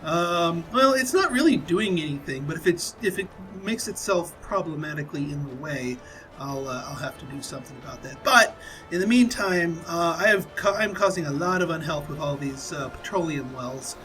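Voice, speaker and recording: Chatty high-voiced man commentating a strategy game. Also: lively intonation, normal speed, pushed and bright, soft background music, low-quality recording. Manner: casual, chatty, many fillers and restarts. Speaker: gameplay commentator.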